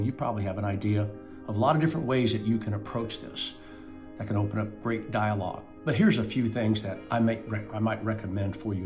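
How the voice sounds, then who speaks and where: A man speaking to parents, telling a moral fable and giving advice in an earnest, emphatic way with dramatic pauses. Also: lowish voice, a little mellow.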